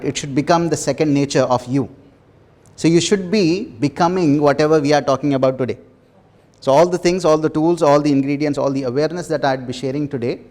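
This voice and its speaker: Earnest man leading a workshop, higher voice. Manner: earnest, repetitive, laughs softly between phrases. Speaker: workshop facilitator. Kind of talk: motivational workshop talk.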